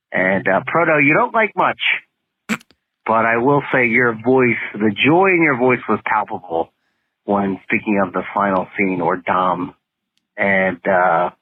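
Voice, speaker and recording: Man, voicemail caller, lowish voice, dull lo-fi sound, rambling with fillers. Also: husky. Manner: rambling, many "uh" fillers, playful teasing. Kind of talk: casual voicemail message. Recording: lo-fi voicemail audio.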